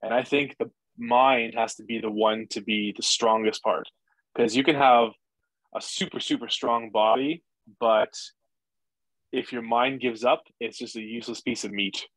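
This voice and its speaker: A man talking as a podcast guest, energetic and profane, acting out inner voices as he explains. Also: mid-range voice, unhurried, no echo, rough recording. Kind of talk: casual interview chat.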